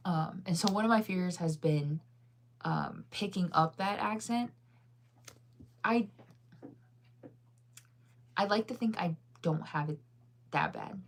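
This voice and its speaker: A woman's voice: fairly low pitch, a little slow, long pauses, slight background noise. Rambling woman, faint Midwestern accent. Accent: faint Midwestern American. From United States. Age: 30s. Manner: rambling, filler-heavy, laughs often. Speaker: streamer answering viewer chat. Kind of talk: casual chat.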